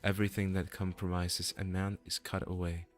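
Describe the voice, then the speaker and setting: A man's voice: deep voice, level tone, moderate pace, faint music behind. A man giving a solemn, theatrical reading of game dialogue as a voice actor.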